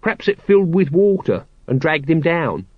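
A man voicing a scruffy, shifty lowly watchman with a common, reasoning way of talking. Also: very animated, normal speed, dry recording. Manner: mumbled, reasoning, common speech. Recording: dull, lo-fi audiobook recording.

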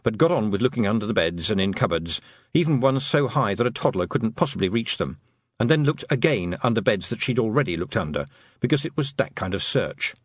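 Male audiobook narrator, husky, animated delivery, dry booth. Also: on the low side, fairly quick, no echo. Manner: lively, expressive storytelling.

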